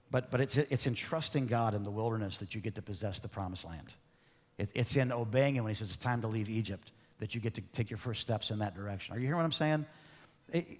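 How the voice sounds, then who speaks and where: A man preaching a sermon as pastor, animated and conversational, often asking the congregation questions. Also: medium pitch. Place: church sanctuary. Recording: long reverb of a church hall.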